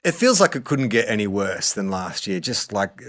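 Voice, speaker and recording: A man's voice: lowish voice, moderate pace. A man with an Australian accent hosting a casual sports podcast, animatedly telling stories and laughing as he acts out quotes. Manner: animated storyteller, laughs while acting out quotes. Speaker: podcast host.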